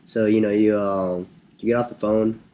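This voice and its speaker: A man who hosts a podcast, relaxed, asking follow-up questions and recapping his guest's story in a casual interview. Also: fairly low pitch, normal speed, dull audio, a little hiss or hum. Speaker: podcast host.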